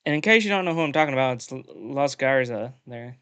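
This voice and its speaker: A man's voice: mid-range voice, lively intonation, fast talker, a bit bright, smooth, no echo. A man co-hosting a podcast, recapping wrestling in casual chat, blunt and profane, with lots of "uh" and "um". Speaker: podcast co-host.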